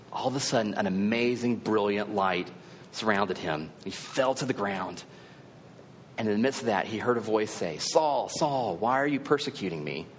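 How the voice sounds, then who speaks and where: A man's voice: lowish voice, in a large hall, slight background noise. A male preacher giving a sermon in a conversational, earnest storytelling manner.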